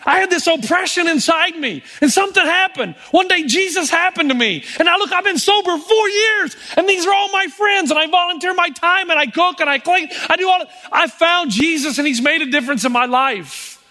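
A man's voice: very high voice, fairly quick, few pauses, big-room sound, pitched above the performer's own voice, full character voice. A pastor voicing a grateful man in recovery who eagerly tells how his life changed. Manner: earnest, excited testimony.

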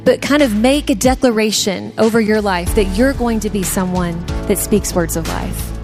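A woman's voice: medium pitch, moderate pace, music in the background. A woman co-hosting with her husband, speaking encouragingly to an audience. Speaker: co-host, wife of the speaker.

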